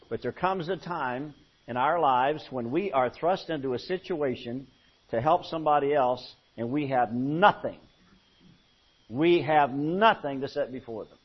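A male pastor telling a folksy story in a sermon, swinging from hushed to loud. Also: medium pitch, breathy edge. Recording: muffled lo-fi sermon recording.

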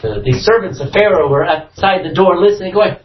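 A man's voice: high voice, a little fast, slight background noise. A man teaching a Bible study, reading scripture aloud and acting out the characters with laughs. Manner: animated, acts out scripture voices with laughs. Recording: dull lo-fi room recording.

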